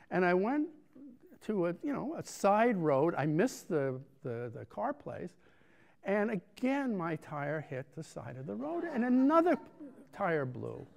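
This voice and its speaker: A man's voice: on the high side, vocal fry, a little mellow. An American man giving a keynote talk, telling a self-deprecating story with lots of restarts and acted-out voices. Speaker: keynote speaker.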